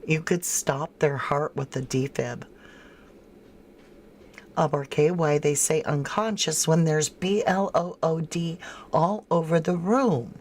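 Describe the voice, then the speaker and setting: Low, slow-talking woman hosting a livestream. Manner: talkative, incredulous, thinks aloud and answers chat by name. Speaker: true crime livestream host. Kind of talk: casual livestream commentary reading viewer comments.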